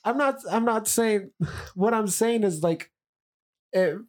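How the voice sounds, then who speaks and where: A woman co-hosting a casual chat who leads the questions, hesitant and quick to laugh. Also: medium pitch, expressive. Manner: hesitant, restarts, laughs often. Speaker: podcast co-host.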